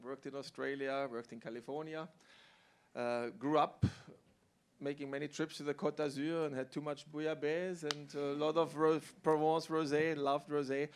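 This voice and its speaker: A middle-aged man from Germany, a winemaker speaking on a panel, telling his story in a relaxed way with fillers. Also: fairly high pitch, normal speed, slight background noise. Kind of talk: panel talk.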